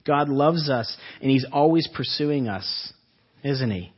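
A man preaching a sermon as a pastor, earnest, asking the listeners rhetorical questions and slowing down for emphasis. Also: mid-range voice, lively intonation, slightly rough, highs cut off.

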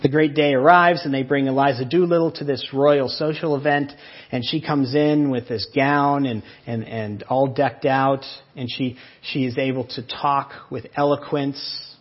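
A man's voice: medium pitch, steady tone, normal speed, dull audio. A man preaching a sermon, earnestly explaining and retelling a story. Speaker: pastor.

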